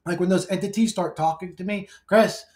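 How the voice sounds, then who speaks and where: A man's voice: high-pitched, fairly even intonation, quick pace, dark tone. A man talking in a casual vlog monologue. He is brash, swears constantly, rambles and laughs often. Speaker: YouTuber.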